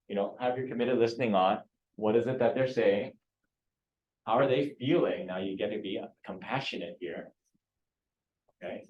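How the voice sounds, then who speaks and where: A man's voice: fairly low pitch, highs cut off. A man leading a real estate training class, quizzing students and coaxing answers. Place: training room.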